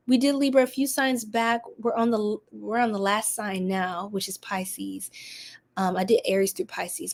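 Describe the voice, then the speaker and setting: A woman hosting a live tarot reading for her stream, chatty and sassy, greeting viewers by name and exclaiming at the cards. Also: mid-range voice. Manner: animated, exclaims often.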